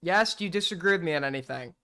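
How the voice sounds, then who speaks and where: A man's voice: fairly high pitch, animated, fast, bright, forceful tone. A man hosting a livestream call-in show, talking bluntly and profanely and firing off rhetorical questions. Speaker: streamer host taking call-ins. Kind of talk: casual livestream commentary.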